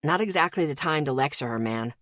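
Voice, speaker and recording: A woman's voice: low-pitched, animated, a little fast, fairly bright tone, no echo, studio quality, pitched below the performer's own voice. Woman voicing a hard-edged young man. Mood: firm. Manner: hard, clipped.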